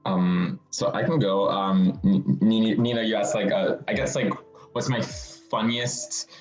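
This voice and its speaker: A man's voice: a little slow, reverberant, lo-fi sound, faint music behind. A young man, a university student, casually telling a funny story and acting out the voices of the people in it. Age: young adult. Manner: animated, acts out voices in high pitch. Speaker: student panelist.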